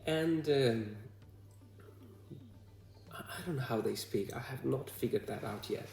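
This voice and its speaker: Man, Bhutanese accent, halting vlog talk, gravelly voice, echoey room. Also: mid-range voice, darkish tone. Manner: hesitant, halting, with many fillers. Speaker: vlogger. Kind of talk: casual talk to camera.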